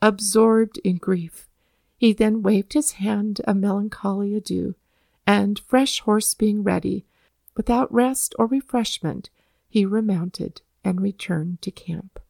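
Woman reading a history story out loud, slow and steady, a bit of fry, dry sound. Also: medium pitch, no room sound. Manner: calm, measured storytelling. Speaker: narrator.

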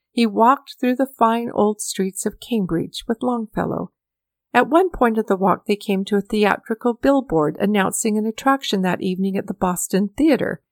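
A woman telling a storybook tale in a measured, steady way. The recording is dry and close, with no room sound around her voice. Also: medium pitch, no echo. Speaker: reader. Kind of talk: audiobook storytelling.

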